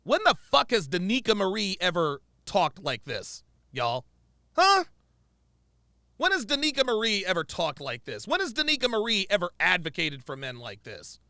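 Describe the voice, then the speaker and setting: A man's voice: high voice, wildly swooping pitch, moderate pace, vocal fry, sharp tone, no room sound, clean studio sound. A man giving heated, profane, sarcastic reaction commentary as the show's host.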